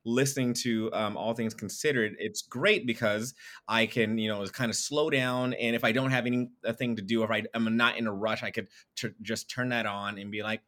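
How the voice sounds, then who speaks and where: A man guest on a podcast, chatting casually in a rambling, animated way with halting restarts. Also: medium pitch. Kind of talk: casual chat.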